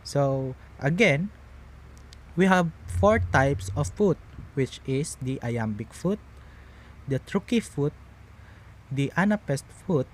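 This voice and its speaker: Slow, patient man explaining step by step. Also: fairly high pitch, animated, a little hiss or hum. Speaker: teacher. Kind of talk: slow classroom lecture.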